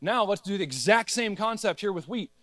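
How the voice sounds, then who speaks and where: A man giving an energetic, conversational presentation to a room of growers, talking straight to the crowd. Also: high voice, a little fast, no room sound. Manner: energetic, conversational, addresses audience as guys, acts out the plant's voice. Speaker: agronomy speaker at a grower meeting. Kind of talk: conference presentation.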